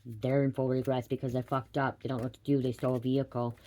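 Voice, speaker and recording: A woman giving a spiritual reading, rambling and swearing casually, ending almost every sentence with a quick "okay?". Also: very deep voice, flat delivery, mellow, a little hiss or hum. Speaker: tarot reader.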